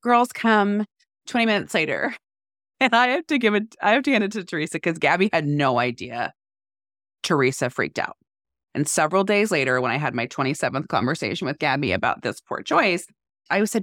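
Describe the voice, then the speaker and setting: A woman in her forties co-hosts a podcast and chats casually. Her voice sits low but swings widely as she tells a story and acts out the people in it. The sound is close and dry. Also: brisk, no echo. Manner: animated storytelling, acting out quotes. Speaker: podcast co-host. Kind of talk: casual chat.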